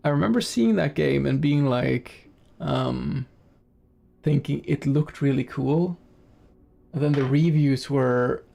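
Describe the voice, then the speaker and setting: A male streamer chats with his viewers while he plays, his talk rambling and full of small self-corrections. His voice sits a bit high for a man, with a gravelly, fry-edged texture and a warm, mellow tone. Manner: rambling and chatty, self-correcting, laughs easily. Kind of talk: casual game-stream commentary, chatting with viewers.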